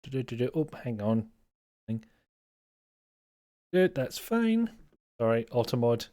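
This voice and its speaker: A man's voice: medium pitch, very animated, unhurried, dark tone. A man with a Scottish accent chatting casually to viewers as a game streamer, rambling and self-mocking and chuckling often, at a home streaming setup on a desk microphone. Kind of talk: casual live-stream chat.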